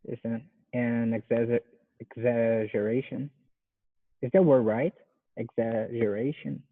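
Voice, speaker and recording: Slow-speaking Brazilian man on a tinny line. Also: mid-range voice, fairly even intonation. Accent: Brazilian Portuguese. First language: Portuguese. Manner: careful, deliberate repetition of words. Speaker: student. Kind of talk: language lesson practice. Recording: tinny phone-like video call.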